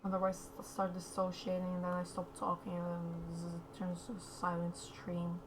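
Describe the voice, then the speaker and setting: Quiet rambling woman streamer. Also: lowish voice, completely flat delivery, moderate pace, background noise. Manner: quiet, rambling, says okay a lot. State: slightly sore throat. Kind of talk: casual commentary while drawing.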